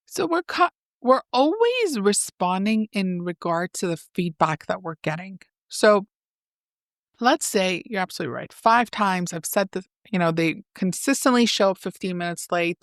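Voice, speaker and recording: A woman psychotherapist, a podcast guest, explaining relationship ideas in a lively way and acting out example lines. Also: medium pitch, moderate pace, dry recording, studio quality. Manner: animated, acts out example dialogues. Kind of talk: explanatory interview talk.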